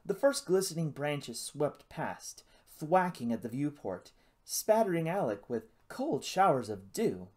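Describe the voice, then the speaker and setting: A man narrating an adventure novel as an audiobook. His reading is dramatic and expressive. His pitch swings widely as he tells the story. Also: measured pace. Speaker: audiobook reader.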